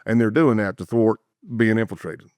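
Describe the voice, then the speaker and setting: A man's voice: lowish voice, normal speed, dry recording, studio quality. A middle-aged man, a former undercover agent telling stories as a guest and animatedly acting out the people he quotes. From South Carolina, United States. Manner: animated storyteller who acts out quoted voices. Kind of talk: casual storytelling interview.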